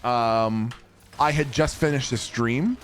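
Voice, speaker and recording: A man's voice: mid-range voice, slow pace. Man rambling through a story. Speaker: streamer. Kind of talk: casual storytelling to chat. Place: home streaming setup.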